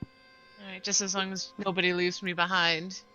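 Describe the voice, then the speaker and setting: Bright, giggly woman player. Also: lowish voice, level tone, normal speed, lo-fi sound, faint music behind. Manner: playful and giggly. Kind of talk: casual chat during a tabletop game.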